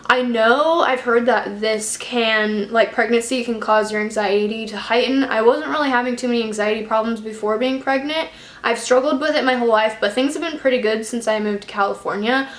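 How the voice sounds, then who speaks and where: A woman's voice: a little high, a little fast. A young woman chatting casually to camera in a vlog, a bit out of breath, rambling with lots of fillers. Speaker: vlogger. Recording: echoey room.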